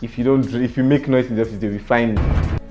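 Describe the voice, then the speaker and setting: A young man with a Nigerian accent, telling a story on his vlog in an animated, dramatic way. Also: medium pitch, fast talker, highs cut off, faint music behind. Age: young adult. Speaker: vlogger.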